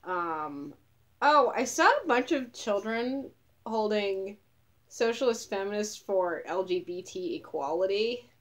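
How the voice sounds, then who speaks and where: A woman's voice: medium pitch, animated, slow pace, fairly bright tone. A woman vlogger talking casually to camera, rambling and swearing with a sarcastic edge, sounding tired.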